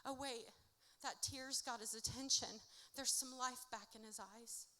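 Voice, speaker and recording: A woman performing her own spoken-word poetry at a live event, with a rhythmic, dramatic delivery that swings from hushed to loud. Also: fairly high pitch, fairly even intonation, unhurried. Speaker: author reading her own work. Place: indoor music venue at a live event. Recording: reverberant live venue recording.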